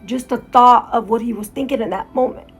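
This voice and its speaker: A woman's voice: on the high side, a little fast, breathy edge, soft background music. A woman vlogger telling her story at home in a casual, candid, earnest way, swearing freely. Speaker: motorcycle vlogger. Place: at home, in pajamas.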